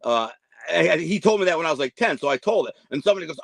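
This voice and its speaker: A man's voice: fairly high pitch, lively intonation, fast talker, gravelly, no room sound. A man around fifty, a guest telling long rambling stories and acting out the voices of the people in them. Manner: rambling, acts out quoted voices. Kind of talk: casual storytelling interview.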